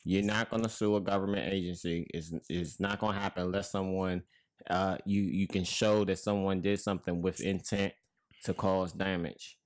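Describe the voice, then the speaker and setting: Deep-voiced man arguing a point. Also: flat delivery, normal speed. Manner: firm, explanatory, slangy, argues a point. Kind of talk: casual chat.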